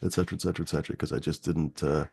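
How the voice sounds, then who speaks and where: A man's voice: very deep voice, fairly even intonation, very fast, gravelly, darkish tone, breathy edge. A man hosting a live-stream show, talking in a rambling, easygoing way with a lot of swearing. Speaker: host. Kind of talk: casual live-stream chat.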